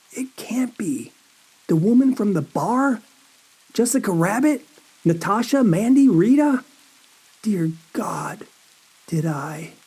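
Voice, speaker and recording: A man reads a first-person horror tale aloud at a crawling pace. His tone is dark and mellow, brooding and uneasy as he narrates. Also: sits high, slightly rough.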